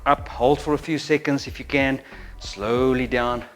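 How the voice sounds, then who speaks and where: A man's voice: medium pitch, fairly even intonation, a little slow. Male fitness coach counting reps. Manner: coaching, counts reps, breathes audibly between counts. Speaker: fitness instructor. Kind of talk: exercise demonstration with counting. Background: faint music.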